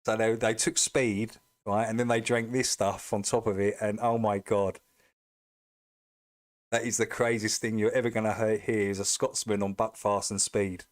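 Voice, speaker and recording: A man's voice: lowish voice, flat delivery, moderate pace. A man chatting casually as he reacts to a video, amused and laughing easily.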